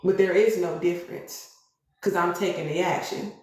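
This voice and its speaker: A woman's voice: fairly low pitch, steady tone, moderate pace, a little mellow. A woman giving a live-streamed tarot reading, preachy and emphatic, often checking in with her listeners with "okay?". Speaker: tarot reader. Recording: very echoey room.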